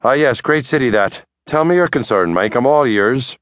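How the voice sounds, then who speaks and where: A man voicing a brisk, smooth-talking female lawyer, cool and increasingly impatient. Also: on the low side, lively intonation, no echo, clean studio sound, lightly acted. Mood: curt. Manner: smooth, curt, grows impatient. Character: brisk, slippery woman lawyer, middle-aged.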